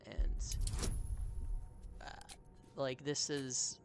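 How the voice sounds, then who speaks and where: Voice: medium pitch, a little slow. Brief: friendly live streamer talking through a game, casual and upbeat, faint music in the background. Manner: chatty, upbeat, reads chat aloud. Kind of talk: live gameplay commentary.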